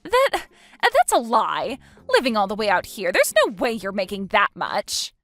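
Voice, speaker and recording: A woman's voice: mid-range voice, big pitch swings, moderate pace, a bit bright. A woman voicing a scornful young sister-in-law who stammers when flustered. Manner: stammering, indignant.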